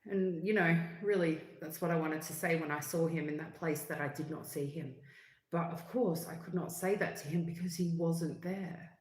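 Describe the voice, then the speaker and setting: A woman, chatting in a rambling, relaxed way on a livestream, full of fillers and asides. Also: sits low, normal speed. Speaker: livestream host. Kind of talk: casual livestream chat. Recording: echoey room.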